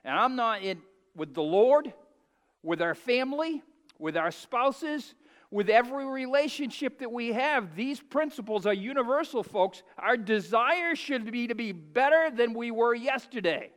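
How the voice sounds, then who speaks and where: A man preaching a sermon in a church sanctuary, his voice pitched high for a man. He drops to quiet, hushed asides, then rises to loud, emphatic declarations and has the congregation repeat phrases. The sound carries a long hall reverb. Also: animated, a little slow. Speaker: pastor.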